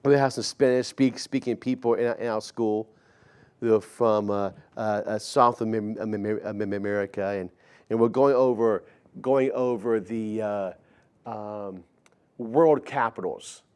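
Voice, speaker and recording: A man's voice: fairly low pitch, fairly even intonation, unhurried, a little mellow, clear, resonant tone. A man in his forties preaching a sermon in a conversational storytelling way, often stammering and repeating words. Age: 40s. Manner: acts out quoted dialogue in shifting voices.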